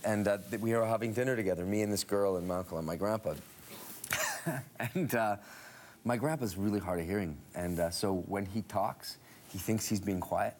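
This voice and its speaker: A man sits as a guest on a television talk show, telling stories in a loose, chatty way. He laughs often and circles back with fillers and restarts. His voice sits a little low. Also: brisk, a little mellow, a little hiss or hum. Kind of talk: casual storytelling interview. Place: television studio.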